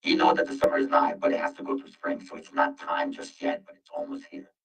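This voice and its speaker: A man's voice: completely flat delivery, quick pace, gravelly, a bit bright. A man reading Bible verses aloud and explaining them to his listeners, whom he calls family; his voice runs through an accidental robotic voice-changer filter. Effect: accidental deep robotic voice-changer filter. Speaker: Bible teacher. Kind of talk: informal scripture reading and teaching. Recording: muffled, distant, with faint music.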